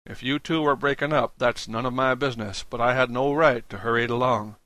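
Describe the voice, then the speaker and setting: A man's voice: medium pitch, fairly even intonation, fairly quick, sharp tone, dry recording, lightly acted. A man reading an audiobook, voicing a cautious, remorseful male friend who speaks plainly.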